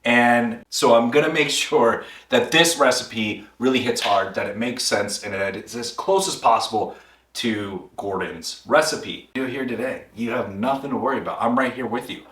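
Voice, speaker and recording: A man's voice: mid-range voice, normal speed, a bit bright, husky, no echo. A man hosting a home cooking video, chatty and reassuring as he talks the viewer through each step. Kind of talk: casual cooking tutorial narration.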